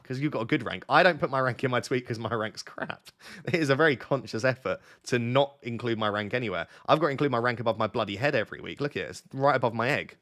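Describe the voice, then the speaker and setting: A man's voice: medium pitch, animated, fast, a bit bright. A young man hosting a casual late-night live stream from his bed at home, chatty and teasing as he talks to his chat. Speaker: fantasy football streamer, host.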